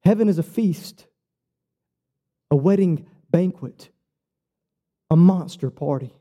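Animated high-voiced male preacher. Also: slow pace. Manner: animated storytelling with quoted dialogue; casual, says "bro" and "like". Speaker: pastor. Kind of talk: sermon.

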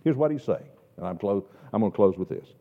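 A man's voice: on the low side, expressive, brisk, gravelly. Emphatic male preacher in an echoey hall. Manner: emphatic, swings between loud stress and quiet asides; repeats words while restarting. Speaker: pastor. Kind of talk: sermon. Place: church sanctuary. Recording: echoey hall, dull lo-fi sound.

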